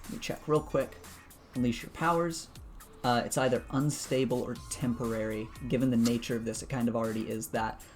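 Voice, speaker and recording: Laid back guy running a tabletop game, lots of uhs, mid pitch, faint music under it. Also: fairly quick. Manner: relaxed, lots of "uh" fillers, chuckles. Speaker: game master.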